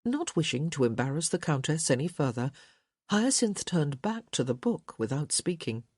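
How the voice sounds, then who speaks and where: A woman narrating an audiobook in an expressive, measured storytelling manner. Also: deep voice, husky, no echo, clean studio sound. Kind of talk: scripted narration.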